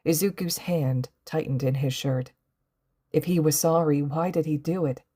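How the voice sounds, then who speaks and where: A woman narrating a fan fiction audiobook in a gentle, emotive reading voice. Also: sits low, fairly even intonation, normal speed, breathy edge. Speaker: podfic reader.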